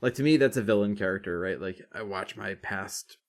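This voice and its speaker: A man co-hosting a podcast, giving opinionated, casual takes with swearing and quick mock voices. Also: fairly low pitch. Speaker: podcast co-host. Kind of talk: casual chat.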